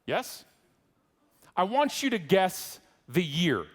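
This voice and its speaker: The keynote comes from a middle-aged Canadian man whose voice sits high and is very animated, though his pace is slow. He's wry and teasing in this humorous talk, delivered on a large conference hall stage with long hall reverb.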